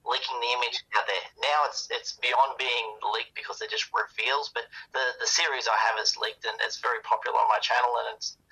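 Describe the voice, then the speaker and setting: A man's voice: mid-range voice, fairly even intonation, brisk, creaky, hardly any pauses, sharp tone, slightly rough, low-quality recording. A man talking as a guest on a podcast in casual chat, in a matter-of-fact, informative way, heard over a remote call.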